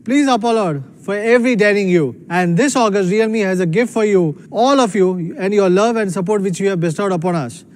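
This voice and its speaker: A man's voice: high voice, normal speed, few pauses, faint music behind. A man giving a proud, emphatic scripted keynote as a company executive.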